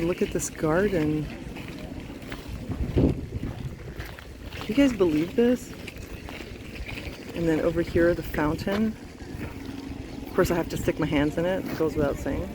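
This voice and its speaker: Speaking slowly with frequent pauses in a fairly low voice, a travel vlogger from Canada walks through an outdoor city park, phone in hand. She gushes and exclaims throughout the casual walking vlog, with park noise audible behind her.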